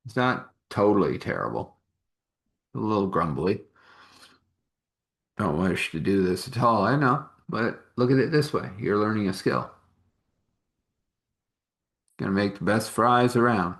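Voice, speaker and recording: A man's voice: on the low side, moderate pace, long pauses, a bit bright. A man telling a rambling, homely story in a casual way, chuckling often.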